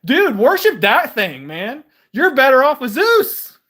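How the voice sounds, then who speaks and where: A man hosting a live stream, ranting in a heated, defiant way, laughing often and breaking into shouts, with lots of "man" and "dude". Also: very high-pitched, huge pitch swings, measured pace. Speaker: livestream host.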